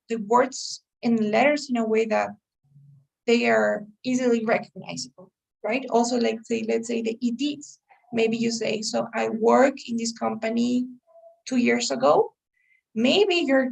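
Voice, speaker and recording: A woman's voice: fairly high pitch, vocal fry. A woman teaching an English test-prep class, explaining patiently and checking in with her students often. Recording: voice a little far from the mic.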